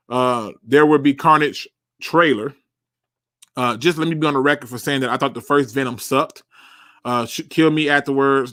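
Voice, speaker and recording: A man's voice: medium pitch, a bit bright, dry recording, clean studio sound. A young man hosting a live sports talk show, bluntly answering chat questions and repeating words for emphasis.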